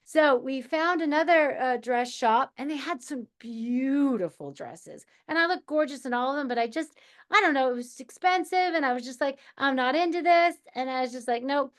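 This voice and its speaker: A woman's voice: high-pitched, expressive, normal speed. A woman hosting her own channel, telling a personal story casually and acting out both sides of the remembered conversations. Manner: chatty, acts out both sides of remembered dialogue. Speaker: channel host.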